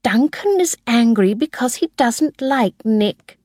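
A woman voicing a kind old housekeeper who speaks quietly, in a storybook reading. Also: a little high, lively intonation, slow, no echo, studio quality, pitched above the performer's own voice. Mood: confiding. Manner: quiet and confiding.

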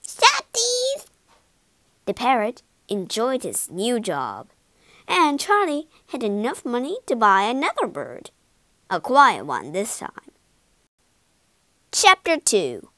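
Slow, theatrical woman storyteller. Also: fairly high pitch, huge pitch swings, pushed and bright, no echo. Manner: theatrical, dropping into whispers for suspense. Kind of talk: storybook narration.

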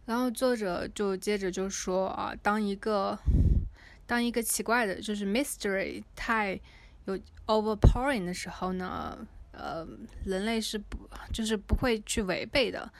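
A woman's voice: medium pitch, normal speed, vocal fry. Woman reading a book aloud. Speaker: reader and explainer.

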